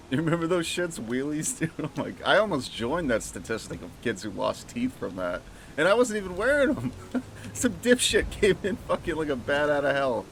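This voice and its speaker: Male game streamer, nasal, low-ish voice, swears a lot, excitable casual commentary. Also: noisy background. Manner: excitable, profane, rambling. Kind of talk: casual let's-play commentary.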